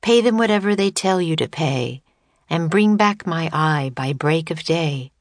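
Woman reads a calm, mysterious girl with archaic speech for a storybook. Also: deep voice, dry recording. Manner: calm, old-fashioned, measured.

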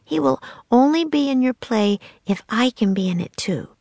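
A woman voicing an eager, bold little girl in a storybook reading, excited and pleading. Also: fairly high pitch, normal speed, vocal fry, no echo, voice pushed up. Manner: excited, pleading, rising questions.

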